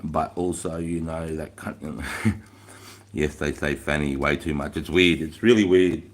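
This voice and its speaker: A man's voice: extremely low pitch, steady tone, unhurried. A middle-aged man hosting a livestream in casual chat, swearing freely, rambling and laughing as he reads out viewer comments. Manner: profane, rambling, laughs often. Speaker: livestream host.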